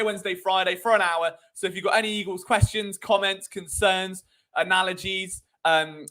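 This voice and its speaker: A man hosts a live sports talk stream, and his voice sits high for a man. He talks in an animated, sarcastic way and often wanders off on tangents. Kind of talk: live sports commentary chat.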